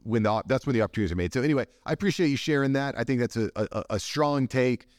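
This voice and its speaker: A man in his forties hosting a podcast, talking in an animated, wry, opinionated way. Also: medium pitch, rapid-fire, no echo, clean studio sound. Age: 40s. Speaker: podcast host. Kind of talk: casual conversational interview.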